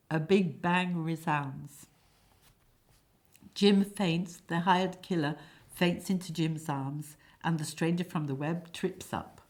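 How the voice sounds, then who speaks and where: A woman reading a comic stage play aloud, giving the stage directions in a low, flat aside. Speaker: play reader.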